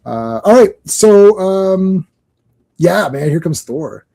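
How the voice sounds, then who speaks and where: Brief: middle-aged male co-host, fairly high, mellow voice, animated rambling storyteller. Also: slow, creaky. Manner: animated, rambling storyteller who laughs often. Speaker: podcast co-host. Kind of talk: casual chat.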